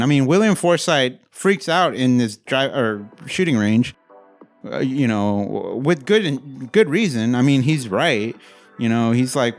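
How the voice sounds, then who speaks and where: A man giving a casual, rambling, profane movie review, getting animated as he rants. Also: medium pitch, normal speed, soft background music.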